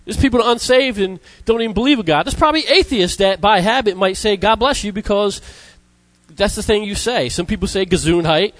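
A man preaching a sermon, emphatic, repeating key words and reading scripture slowly. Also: a bit bright, dry recording, poor audio. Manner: emphatic, repeats words, rises in pitch for stress; reads scripture slowly in old-fashioned wording.

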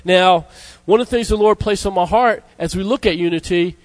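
A man preaching a sermon, emphatic, repeating key words and reading scripture slowly. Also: no echo, rough recording. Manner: emphatic, repeats words, rises in pitch for stress; reads scripture slowly in old-fashioned wording.

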